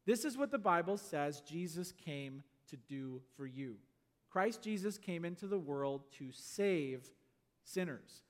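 A man preaching a sermon, telling stories and swinging between loud exclamations and quiet asides. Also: a little high. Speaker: pastor. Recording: long hall reverb.

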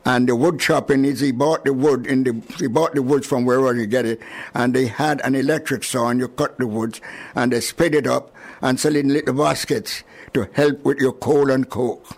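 An older man from Jamaica with a Jamaican accent, recalling his arrival in an oral history interview with chuckles and lively retelling. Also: medium pitch, normal speed. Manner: chuckling, animated storyteller.

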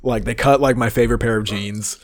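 A man telling a story in casual podcast chat, animated, laughing often and swearing freely. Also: mid-range voice, fairly quick, a crowd in the background. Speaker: podcast co-host.

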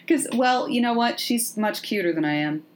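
A woman hosting a podcast, chatting casually as she retells a film with playful, animated asides. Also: a little high, slight background noise. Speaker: podcast host.

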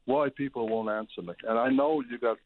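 A man, a hoarse charity manager calling in to a radio show, exasperated and pleading, repeating himself. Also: mid-range voice, fairly quick, no room sound. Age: 70s. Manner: exasperated, pleading, repetitive outbursts. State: hoarse, losing his voice. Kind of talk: call-in radio complaint. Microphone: telephone. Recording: tinny phone line.

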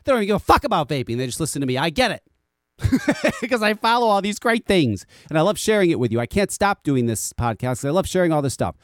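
A man's voice: a little high, very animated, fast, dry recording, clean studio sound. An American man hosting a podcast, ranting casually with frequent swearing and repeated words. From United States. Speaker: podcast host.

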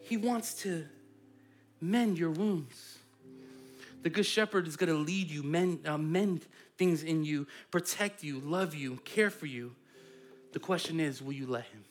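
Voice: medium pitch, unhurried, faint music behind. A pastor and parent preaching a sermon in a conversational, playful way. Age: adult parent.

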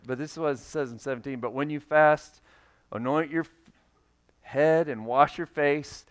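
A man's voice: on the high side, normal speed. Man preaching a conversational sermon. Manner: conversational, acts out quoted voices. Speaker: pastor.

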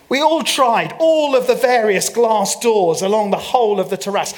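A man's voice: high voice, normal speed, few pauses. A man preaching a sermon, telling a story with playful humor and mock French asides. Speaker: pastor. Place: church.

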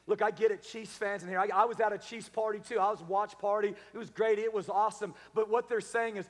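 Man, pastor, sermon, high voice, emphatic rising delivery, church hall echo. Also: steady tone, fast, few pauses. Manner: preaching with rising, shouted emphasis. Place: large church sanctuary.

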